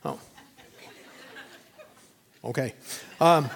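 A man's voice: high voice, lively intonation, moderate pace. A man in his forties preaching a sermon in an emphatic, conversational way, full of rhetorical questions. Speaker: pastor.

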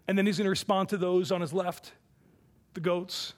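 A man preaching a sermon from the pulpit, emphatic, his voice swelling for quoted scripture and dropping low and soft on key points. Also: flat delivery, moderate pace. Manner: emphatic preaching, rising and falling in volume. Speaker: pastor.

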